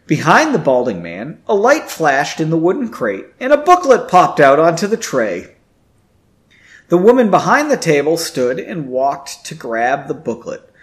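A man reading a fantasy story aloud in an easygoing, home-made style. His voice is lively and animated, sitting slightly high. He breaks off now and then to joke about the text. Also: moderate pace. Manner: chatty, self-mocking asides. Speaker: amateur audiobook reader. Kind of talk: casual reading aloud with asides.

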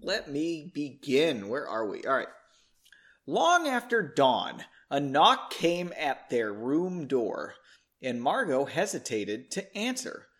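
A man's voice: a little high, wildly swooping pitch, takes it slowly, fairly bright tone. A man hosting a podcast, casually reading a story aloud and breaking off for joking, self-deprecating asides.

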